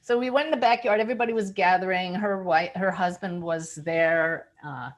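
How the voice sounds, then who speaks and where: Animated woman medium telling stories. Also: moderate pace, lo-fi sound. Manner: animated, lively storyteller with big pitch jumps. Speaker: psychic medium. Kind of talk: storytelling talk.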